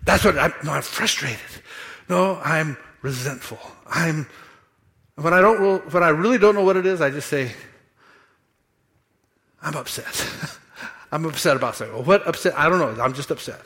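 Animated man preaching a sermon. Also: on the high side, a little fast. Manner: animated preaching with playful asides and acted-out quotes. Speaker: pastor. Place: church sanctuary.

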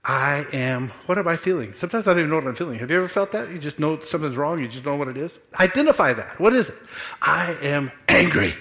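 A man delivers a sermon from a church pulpit in a slightly high voice. He preaches with animated energy, breaks into playful asides, and acts out quoted lines for the congregation. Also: fast talker, hardly any pauses. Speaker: pastor. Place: church sanctuary.

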